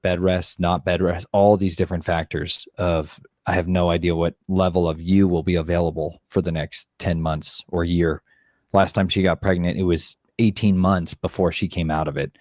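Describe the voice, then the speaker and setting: Man, very low voice, earnest, reflective talk, dry close sound. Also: little pitch movement, normal speed, darkish tone, dry recording. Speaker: co-host sharing family story.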